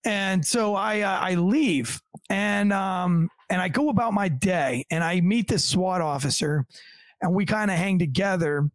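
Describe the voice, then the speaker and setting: A man's voice: high voice, a little slow, dry recording. A man who works as a police officer, telling a long story in casual, profane talk and acting out the lines of the people in it. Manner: profane, acts out the voices of others in his stories.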